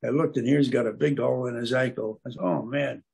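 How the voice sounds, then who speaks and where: A man's voice: medium pitch, steady tone, a little fast, vocal fry, a little mellow, breathy edge. An older man speaking as a guest at an aquarium club, telling rambling stories and often stopping to search for words. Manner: meandering, searches for words with many fillers. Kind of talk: rambling anecdotal storytelling.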